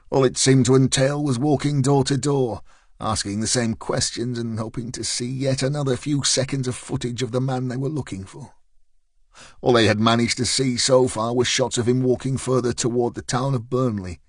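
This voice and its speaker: A man reading a thriller audiobook in a steady, measured way, with a voice of middling pitch. The recording is close and dry, with no room sound at all. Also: no echo. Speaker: audiobook narrator. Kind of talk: scripted narration. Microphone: close studio mic.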